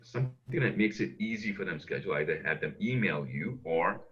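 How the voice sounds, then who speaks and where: Man, speaker trainer, emphatic coaching, repeats words, lowish voice, dull lo-fi video call sound. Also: animated, fairly quick, fairly bright tone. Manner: emphatic, repeats words when pushing a point.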